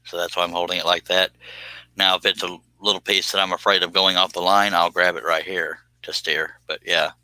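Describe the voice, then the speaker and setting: A man's voice: low voice, level tone, fairly quick, bright, forceful tone, dry recording, rough recording. A man hosting a livestream, chatting casually with viewers as he works, folksy and joking. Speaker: livestream host answering chat. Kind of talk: casual livestream chat while working.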